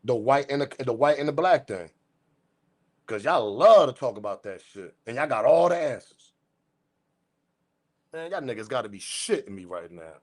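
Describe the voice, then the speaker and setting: A man hosting a news commentary channel, ranting in a profane, slangy, repetitive way, swinging from muttering to shouting. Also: mid-range voice, very animated, moderate pace, long pauses. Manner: profane, repetitive, slangy, keeps saying respectfully. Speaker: host.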